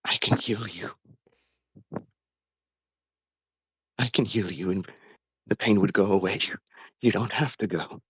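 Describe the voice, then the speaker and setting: A man's voice: low-pitched, a bit bright, slightly rough, no room sound, dull audio, exaggerated voice. A man playing a grieving male warrior bound by an oath, talking in a tearful, pleading way.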